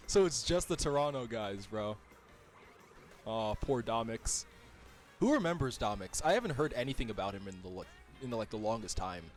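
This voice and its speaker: A man's voice: medium pitch, normal speed, pauses often, faint music behind. A man streaming a racing game, chatting casually and joking with viewers. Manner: animated, laughs often, jokey chatter with viewers. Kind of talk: casual gaming stream chat.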